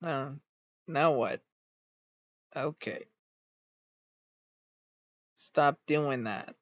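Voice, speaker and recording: A VTuber streamer chatting casually in a rambling way, swearing freely and getting irritated quickly. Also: medium pitch, no echo. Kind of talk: casual stream reaction chat. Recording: dull, dry home recording.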